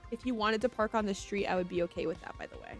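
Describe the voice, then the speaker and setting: A woman with a medium-pitched, creaky voice races through casual gameplay commentary while streaming a video game. She rambles, apologizes often, and faint music plays in the background.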